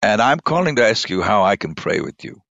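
A man, a church bishop, telling an emotional personal testimony in conversation, his voice dropping low and soft at the moving moments. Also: sing-song, fairly quick, creaky, dry recording. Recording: dull lo-fi dry sound.

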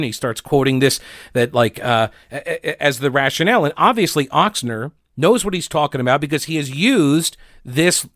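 Chatty and sarcastic, this North Carolina radio host riffs on politics in a casual way, his speech full of fillers and restarts. His voice is a little high, and the studio-quality recording is dry.

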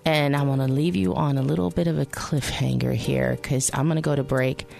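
A woman's voice: rumbling low, fairly even intonation, brisk, vocal fry, a little mellow. A woman hosting a radio show, telling a personal faith story in a chatty way and speaking straight to her listeners. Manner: chatty, addresses listeners directly.

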